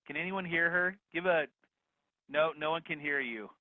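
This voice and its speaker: A man's voice: on the high side, normal speed, dry recording. Upbeat man teaching over a video call. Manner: energetic, upbeat, addresses attendees directly. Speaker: real estate investing instructor. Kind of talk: live online course teaching. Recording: dry phone-like video call audio.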